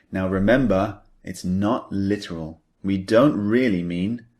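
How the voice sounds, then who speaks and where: A man with a very deep voice explains English phrases in a patient, unhurried lesson. He speaks slowly and reads his example sentences aloud with added stress. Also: a little mellow. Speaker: English teacher.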